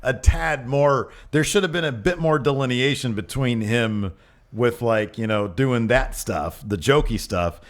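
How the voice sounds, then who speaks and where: A young adult man from the United States co-hosting a casual wrestling review podcast, animated and jokey, slipping into quick put-on voices. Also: medium pitch. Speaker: podcast co-host.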